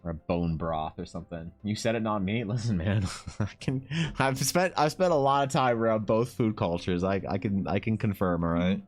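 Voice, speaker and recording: A man's voice: lowish voice, moderate pace, a little mellow. A man chatting casually on a livestream, rambling with lots of fillers and casual swearing, reading chat and talking to his dog. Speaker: art streamer.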